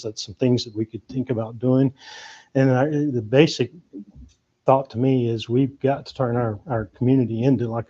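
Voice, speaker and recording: A man introduces himself at a council meeting in a mellow, dark voice. He speaks in a level, steady tone, pausing often on fillers. The sound is muffled, like a meeting-room recording. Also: mid-range voice. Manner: halting, many fillers. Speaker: committee applicant at a city council meeting. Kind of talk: public remarks. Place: city council chamber.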